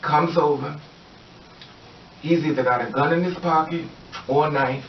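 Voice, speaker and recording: In a casual vlog, a man with a voice on the high side tells a rambling, repetitive story packed with fillers, acting out what the people in it said. His intonation is fairly even and his pace moderate. The sound is distant, roomy, and dull lo-fi, with a bit of hiss or hum.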